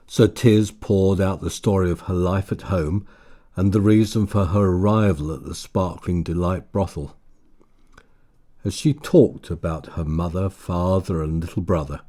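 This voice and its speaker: A man narrating a story in a calm, measured reading voice. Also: low voice.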